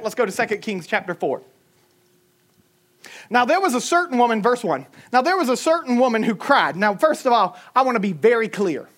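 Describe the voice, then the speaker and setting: Animated Southern woman preaching a sermon. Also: fairly high pitch. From Southern United States. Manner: animated, humorous, emphatic, swings between loud and soft.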